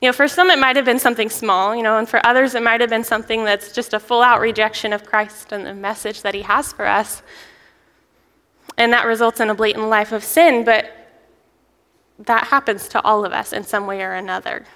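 A young woman, a children's ministry director, preaching a sermon in a church, chatty and lively, often laughing as she tells a story. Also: a little high, brisk. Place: church sanctuary. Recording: long reverb of a large hall.

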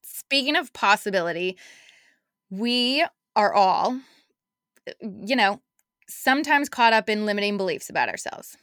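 Bright-voiced woman chatting reflectively. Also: mid-range voice, animated, a little slow, pauses often, no echo, studio quality. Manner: chatty, reflective, quotes herself in asides. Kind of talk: casual podcast chat.

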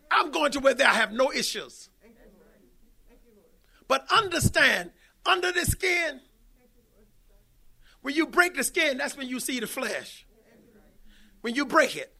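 A man preaching an emphatic sermon that rises now and then to shouts. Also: very high voice, creaky.

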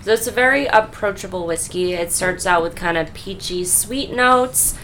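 A woman's voice: lowish voice, normal speed, fairly bright tone, a little hiss or hum. A woman working as a bartender, fluently explaining drink flavours in a casual chat.

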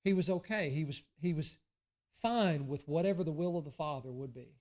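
Southern US male pastor, high voice, earnest sermon delivery that swings from hushed asides to raised emphasis. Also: a little fast. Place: church sanctuary.

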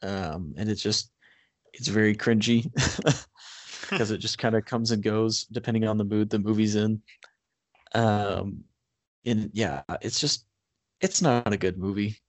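A man's voice: lowish voice, no echo. A man co-hosting a film podcast in casual chat, with frequent "um" and "like" fillers. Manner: frequent "um" and "like", measured. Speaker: podcast co-host.

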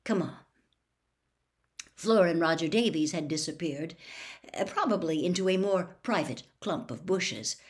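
Woman slowly reading a storybook aloud. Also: lowish voice. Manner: slow, measured reading. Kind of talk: storybook read-aloud narration.

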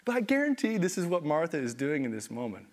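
A man's voice: a little high, fast. A young adult man preaching a sermon, telling stories and acting out quoted voices. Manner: animated storytelling, acts out quoted voices. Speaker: pastor.

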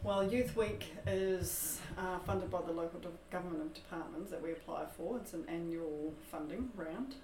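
A woman's voice: lowish voice, moderate pace, hardly any pauses, a little mellow, a little hiss or hum. A woman organising community events, explaining things matter-of-factly in casual chat. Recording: echoey room, a bit far from the mic.

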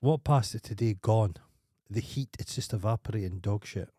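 A Scottish man with a Dundee accent, co-hosting a casual comedy podcast and telling rambling, crude stories with deadpan humour. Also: lowish voice, moderate pace, slightly rough, no echo, studio quality. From Scotland. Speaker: podcast co-host.

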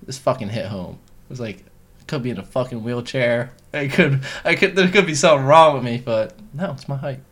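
A man's voice: medium pitch, a little fast, fairly bright tone. A young man co-hosting a podcast, crude and joking, laughing often in casual banter. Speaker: podcast co-host.

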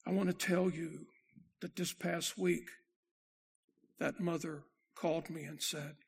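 A pastor giving a sermon with a gravelly, rough-edged voice that sits high for a man. He tells his story dramatically, rising loud, then dropping to a near hush. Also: fairly even intonation, slow, long pauses.

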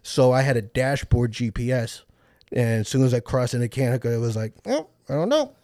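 A comedian telling a story on a podcast, his voice at an ordinary pitch for a man and recorded dry and close with no room sound. He swears freely and keeps it lively, switching into the voices of the people in his story as he goes. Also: brisk, no echo. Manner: profane, animated, acts out other people's lines. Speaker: comedian guest.

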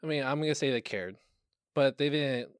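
A young man in casual podcast chat, swearing freely and laughing often, his voice jumping high when excited. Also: normal speed, clear, resonant tone, no echo. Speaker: podcast co-host.

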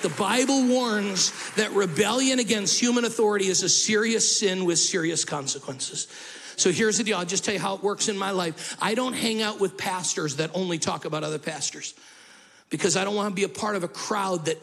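A male pastor preaching a sermon in an animated way, with humorous asides and acted-out quotes. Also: high voice, creaky, slightly rough.

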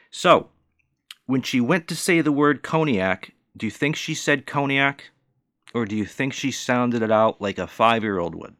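A man's voice: on the low side, a bit bright, dry recording, studio quality. A man in his forties, a bartender, ranting in a profane, indignant and mocking way. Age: 40s. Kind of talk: ranting monologue.

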